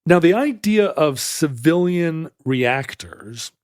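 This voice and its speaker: A man's voice: a little high, lively intonation, slow pace, a little mellow, no echo, studio quality. A man co-hosting a podcast, explaining history in a rambling way, often correcting himself mid-sentence. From United States. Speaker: podcast co-host. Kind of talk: casual chat.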